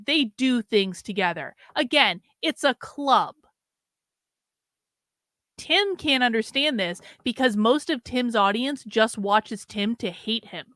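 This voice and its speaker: A woman's voice: a little high, fairly bright tone, dry recording, clean studio sound. Blunt, combative woman commentator. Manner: blunt, combative, swears, addresses the clip directly. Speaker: commentator reacting to clips. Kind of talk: reaction commentary.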